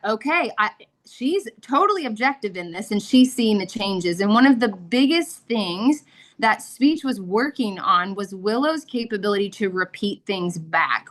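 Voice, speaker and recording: A woman in her thirties, a guest sharing a testimony, speaks earnestly and emotionally about her experience as a mother, with frequent fillers. Her mid-range voice sounds pushed and bright.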